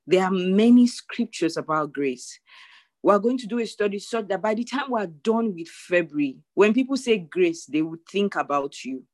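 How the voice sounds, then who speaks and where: A woman's voice: mid-range voice, lively intonation, moderate pace, darkish tone, no echo. A woman pastor preaching a sermon, earnest and emphatic, repeating her key phrases.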